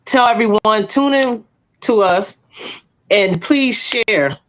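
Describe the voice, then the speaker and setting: A woman's voice: medium pitch, slow pace. A woman, sharing her testimony in casual chat as a podcast co-host. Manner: animated storytelling, acts out quoted voices; bold testimony.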